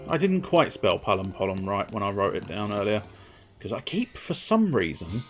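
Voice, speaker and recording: His voice sits lowish and has a sing-song lilt at a normal speed. It's a young man streaming a video game, chatting to viewers with self-amused rambling and the odd sung joke, faint game music in the background.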